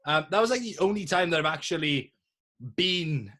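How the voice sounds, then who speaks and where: Young male co-host, bright forceful voice, boisterous sweary banter. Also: on the high side, lively intonation, normal speed. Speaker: podcast co-host. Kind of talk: casual chat.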